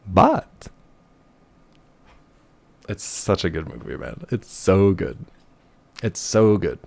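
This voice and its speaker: A man's voice: low-pitched, very animated, takes it slowly, gravelly, pauses often, darkish tone. A young man streaming a game live, chatting in a playful, chatty way that keeps breaking off mid-thought. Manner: playful, chatty, self-interrupting. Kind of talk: live gameplay commentary.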